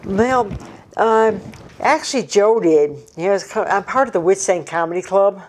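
A woman's voice: mid-range voice, normal speed, darkish tone. Rambling woman telling corny jokes. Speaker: interviewee. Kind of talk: casual chat.

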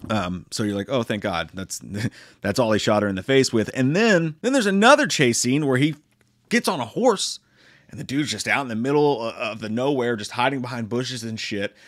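A man's voice: mid-range voice, sing-song, moderate pace, fairly bright tone. A young man giving a rambling, joking, profanity-filled movie review.

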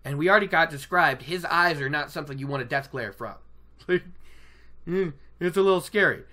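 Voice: mid-range voice, a little fast, bright, forceful tone. Enthusiastic rambling book-podcast host. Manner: enthusiastic, rambling, laughs often, acts out characters. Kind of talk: casual book-discussion podcast.

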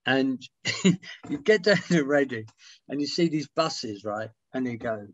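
A middle-aged man on a video call, telling animated anecdotes as an interview guest, swearing casually and acting out quotes. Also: medium pitch, measured pace, dry recording, muffled recording. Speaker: interview guest, music writer.

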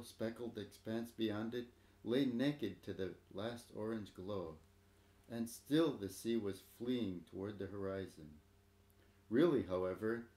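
Low, gravelly man reading a story. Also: warm tone, echoey room. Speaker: narrator.

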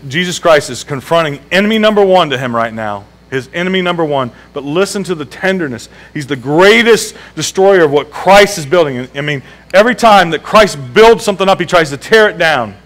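A man preaches a sermon in a church sanctuary, asking his congregation questions and hammering home key phrases through repetition. The recording is rough, and his fairly bright voice is on the high side.

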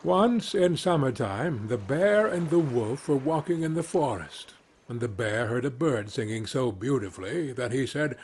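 A man's voice: mid-range voice, lively intonation, a little mellow, a little hiss or hum. A man narrating fairy tales as a soothing bedtime reading. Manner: slow, soothing storytelling. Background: faint ambient sounds.

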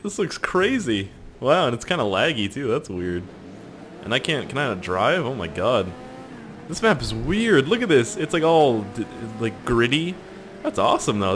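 With a medium-pitched, fairly bright voice, this young man offers loose, profane commentary on a game, cracking jokes and addressing viewers directly. Slight background noise is audible.

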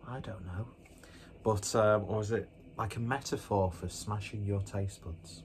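Man, lowish voice, casual beer review vlog, rambling, self-mocking jokes, faint background noise. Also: steady tone, measured pace. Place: indoors at home with a fan running.

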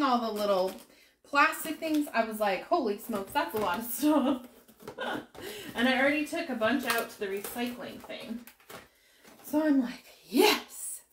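A woman's voice: high voice, fairly bright tone, a little hiss or hum. A woman chatting casually on a live stream from her office, emotional and close to tears, laughing as she talks. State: tearful, fighting back crying. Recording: echoey room.

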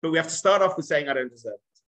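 A man teaching as a rabbi, telling stories in a high, bright voice. He acts out each quote as a short dialogue and keeps turning to his listeners with direct questions. The delivery is animated and conversational. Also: racing, rough recording. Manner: addresses listeners directly, asks the room questions. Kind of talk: storytelling lecture to a live group.

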